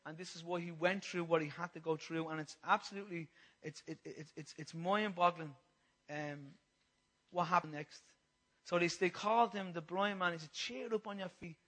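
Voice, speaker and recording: Man, passionate preacher with a bright, ringing voice and lots of repetition. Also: fairly high pitch, steady tone, normal speed, rough recording. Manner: impassioned, repetitive, swings from loud to hushed. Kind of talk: sermon.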